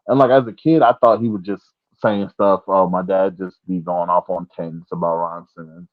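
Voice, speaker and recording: A man's voice: a little fast, few pauses, no room sound. A man in a casual podcast chat, telling a story with lots of energy and acting out the voices of the people in it, often laughing. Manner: animated storyteller, acts out quotes in a high voice, laughs often. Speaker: wrestler guest. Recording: dry, phone-like audio.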